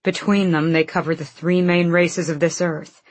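A woman voicing an earnest, insistent male warrior in an audiobook, low and husky. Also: flat delivery, normal speed, no room sound, lightly acted. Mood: urgent.

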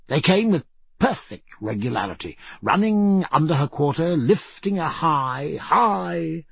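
A man narrating an audiobook, telling the story in a measured, expressive way. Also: on the high side, breathy edge, no echo. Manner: measured storytelling with lively, varied intonation.

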